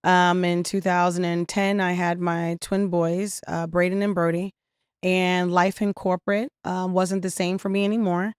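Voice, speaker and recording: Smooth-voiced woman telling her story. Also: fairly low pitch, moderate pace, no room sound, studio quality. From New York and New Jersey area. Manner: animated storyteller, acts out quoted voices, many "um"s. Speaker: restaurant owner and founder, guest. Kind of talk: interview storytelling. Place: her restaurant.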